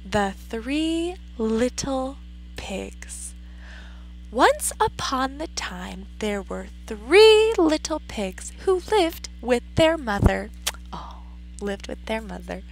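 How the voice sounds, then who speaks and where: A woman teacher reading a story aloud to a class, animated and expressive, stopping to ask questions. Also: a little high, slow, creaky, faint music behind, low-quality recording.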